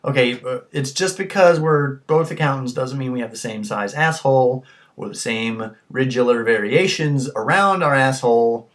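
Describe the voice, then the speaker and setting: Man, tipsy, rambling vlog rant, crude, profane, average pitch. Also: moderate pace, fairly bright tone. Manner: crude, ranting, swears constantly. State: tipsy from drinking. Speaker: vlogger. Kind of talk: rambling profane monologue to camera.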